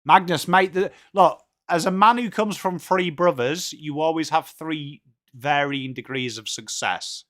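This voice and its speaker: English male streamer, friendly chatter, calls everyone mate, slightly higher pitch. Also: measured pace, a bit bright. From England. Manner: chatty, greets viewers by name, says mate a lot. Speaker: livestream host. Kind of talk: casual live watchalong chat.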